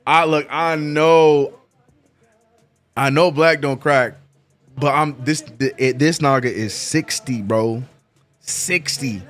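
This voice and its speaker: A man hosting a live sports watch-along, chatting casually and excitably with lots of slang and repeated "bro". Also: on the high side, slow, pauses often, faint music behind. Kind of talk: casual live-stream chat.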